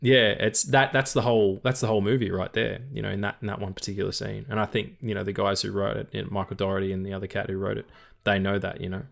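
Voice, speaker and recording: A man's voice: fairly low pitch, level tone, fast, creaky, fairly bright tone. A man co-hosting a casual film podcast, joking, swearing freely and laughing often. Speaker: podcast co-host.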